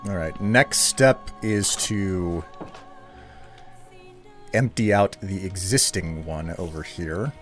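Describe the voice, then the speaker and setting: A man streaming a game and chatting casually with himself, relaxed and jokey. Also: sits low, takes it slowly, long pauses. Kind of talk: casual gameplay commentary. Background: faint music and keyboard typing.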